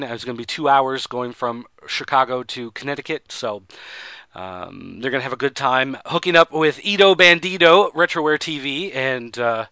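A man hosting a podcast, rambling through a relaxed, conversational wrestling recap. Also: mid-range voice, clear, resonant tone, no room sound. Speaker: podcast host. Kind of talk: casual chat recapping wrestling.

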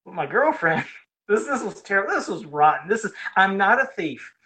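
A man in casual podcast chat, telling a nostalgic story with lively swings in pitch. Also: moderate pace, poor audio.

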